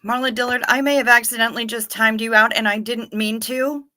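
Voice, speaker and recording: A woman's voice: a little high, steady tone, fairly quick, bright, forceful tone. A woman hosting a casual livestream, reading viewers' comments aloud and chatting back to them in a friendly, apologetic way. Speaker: livestream host reading chat.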